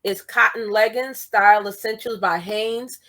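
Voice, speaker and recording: A chatty woman talks casually through her bargain shopping haul. She reads product labels aloud and repeats each price. Her pitch sits at an ordinary middle level for a woman. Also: fairly even intonation, measured pace, a bit bright. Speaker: vlogger showing a shopping haul.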